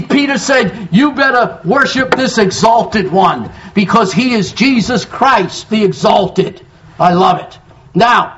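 A pastor preaches a sermon, quoting scripture with heavy emphasis and calling on his congregation to respond. His voice sits high and a bit bright, though the lo-fi recording sounds dull.

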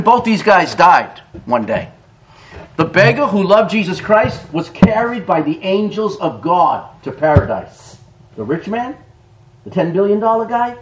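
A middle-aged man preaching a sermon in a church, animated, rising to shouts and breaking into laughter. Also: on the high side, background noise.

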